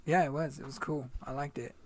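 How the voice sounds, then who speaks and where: A man's voice: mid-range voice, fairly even intonation, fairly quick, a little mellow. A young man in casual chat, laid-back and joking with plenty of swearing.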